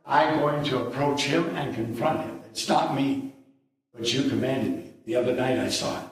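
A man's voice: mid-range voice, normal speed, roomy sound. A man preaching a sermon in a conversational, emphatic way, now and then raising his voice. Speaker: pastor.

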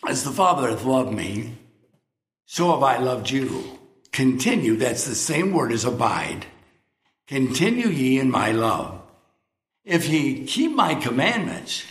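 A man's voice: medium pitch, fairly bright tone, reverberant. A man preaching a sermon in a conversational, emphatic way, now and then raising his voice. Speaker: pastor.

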